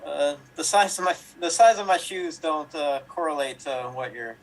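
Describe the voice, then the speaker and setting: A man playing improv, delivering jokes in a deadpan way. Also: fairly high pitch, moderate pace, low-quality recording. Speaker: improv player.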